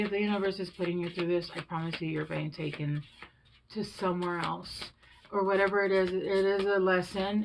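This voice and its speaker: A woman's voice: lowish voice, a bit bright, a little hiss or hum, poor audio. Candid, reassuring tarot reader woman. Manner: candid, conversational, swears freely; reassuring, coaching tone. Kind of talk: casual tarot reading.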